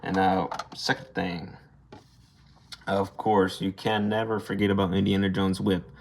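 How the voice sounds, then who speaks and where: A man's voice: deep voice, little pitch movement, unhurried, gravelly, slight background noise. A young man casually reviewing an action figure, rambling, swearing freely and airing blunt gripes. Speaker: toy reviewer. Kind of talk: casual unscripted toy review.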